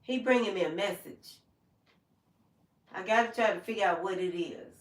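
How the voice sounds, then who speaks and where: A woman's voice: medium pitch, moderate pace, reverberant, recorded from a distance. An older woman hosting a livestream, talking in a folksy, heartfelt way and speaking straight to her viewers by name. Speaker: livestream host. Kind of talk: casual livestream chat with viewers.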